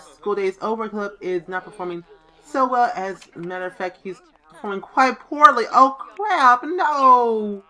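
A woman's bright, forceful, slightly high voice carries her casual let's play commentary on a life-simulation game, delivered a little slowly. She reads options aloud and playfully voices the characters.

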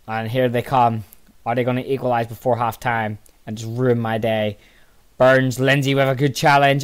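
A tired, yawning man commentating casually on his own football management game, muttering low between excitable outbursts. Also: moderate pace, clean tone. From Northern Ireland. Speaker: gaming channel host.

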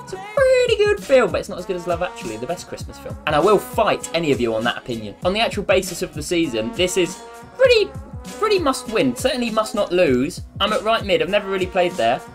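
A man's voice: sits high, fast, soft background music. A man giving casual, joking commentary over a football video game, rambling and poking fun at himself. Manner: animated, jokey, rambling and self-mocking. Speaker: gaming YouTuber.

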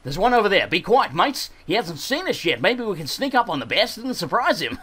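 A man's voice: sits high, sing-song, brisk, fairly bright tone, husky, full character voice. An Englishman doing a bad Australian adventurer. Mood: sneaky. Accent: attempted Australian, English underneath. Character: clumsy impression of an Australian wildlife adventurer, male.

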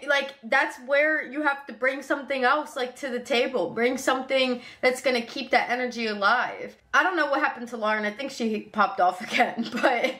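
A woman's voice: fairly high pitch, fairly bright tone. A woman fitness coach talking to camera in an upbeat, affirming vlog style, often saying "like". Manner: upbeat, affirming, says "like" a lot. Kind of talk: motivational vlog talk.

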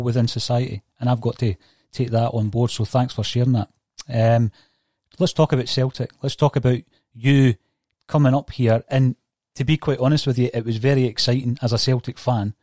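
A man's voice: mid-range voice, dark tone, no echo. Earnest man hosting, dry sound. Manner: earnest, hesitant, many fillers. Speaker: podcast host. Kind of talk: interview questions.

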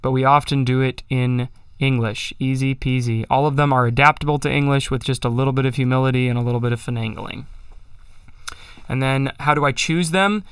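A man's voice: medium pitch, steady tone, fairly quick, fairly bright tone, clear, resonant tone, no room sound, clean studio sound. A man hosting a livestream, chatting casually and self-deprecatingly about chant and singing psalm tones to show them. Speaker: livestream host. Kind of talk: casual chat with sung chant demos.

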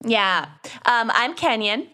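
A woman with a bright, slightly high voice who talks slowly and deliberately. She co-hosts a comedic chat podcast with a mock-stern edge. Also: animated. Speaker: podcast co-host.

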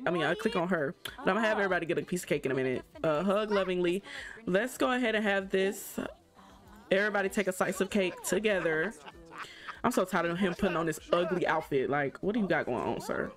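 Gushing woman narrating her game. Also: mid-range voice. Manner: gushing, chatty, excitable. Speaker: gaming YouTuber. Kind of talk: let's play commentary.

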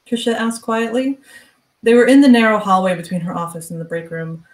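A woman author reading her fiction aloud with steady, even narration. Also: medium pitch, brisk, reverberant, far from the mic, low-quality recording. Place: virtual book club event.

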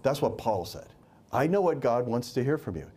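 Male preacher, mellow voice, lively pitch, emphatic sermon delivery with repeated words. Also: moderate pace, breathy edge.

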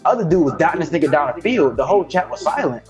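Man, streamer guest, rapid profane storytelling, slightly high voice, music behind. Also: big pitch swings. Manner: fast, profane storytelling, acts out quotes. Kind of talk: casual heated chat.

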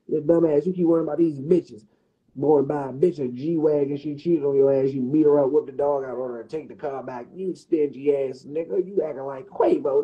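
Brief: DC-area man, livestream host, foul-mouthed mocking roast, slightly high voice, lo-fi audio. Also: brisk. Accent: Washington DC area. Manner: profane, mocking, rowdy. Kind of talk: casual roasting rant.

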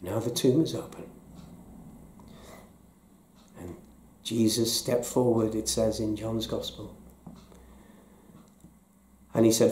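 A male pastor delivers a slow, hushed sermon, often sinking to a near whisper. His voice is mellow and dark. The room around him rings with echo. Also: on the low side, steady tone, a little hiss or hum. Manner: slow, soft-spoken, dropping to near whispers.

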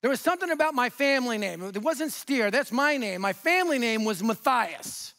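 A man with a high voice delivers a sermon as a guest preacher. He tells stories with humor and energy, swinging from loud outbursts to hushed, tender lines. He is in his fifties and from Denver. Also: moderate pace. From Denver, USA. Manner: animated, humorous storytelling with sudden swings between loud and soft. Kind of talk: sermon with storytelling.

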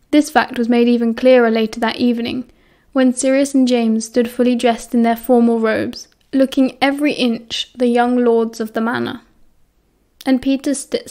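Brief: British woman, audiobook reader, slightly higher voice, steady storytelling pace. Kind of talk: fan fiction audiobook narration.

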